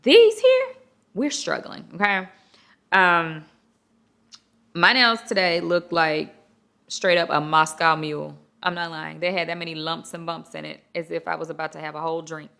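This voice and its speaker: Animated woman host just chatting away, kinda gravelly voice. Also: low-pitched, normal speed. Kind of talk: casual chat.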